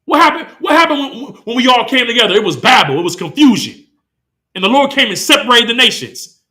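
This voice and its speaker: A man's voice: extremely high pitch, animated, a little fast, bright, forceful tone. A man preaching a sermon, heated and full of rhetorical questions, reading scripture between points. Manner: impassioned, rhetorical questions, slips into quoted voices. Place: congregation hall.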